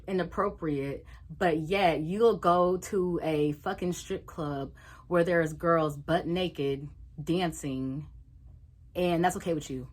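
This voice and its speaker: Young woman, storytime vlog, animated, fairly low voice, acts out quotes. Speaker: vlogger. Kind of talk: casual storytime.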